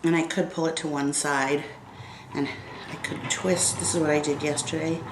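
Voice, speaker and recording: A woman's voice: deep voice, flat delivery, echoey room, noisy background. Congested woman in her fifties vlogging. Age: 50s. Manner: chatty and unhurried, talking to viewers while styling hair. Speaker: beauty vlogger. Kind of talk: casual get-ready-with-me hair tutorial.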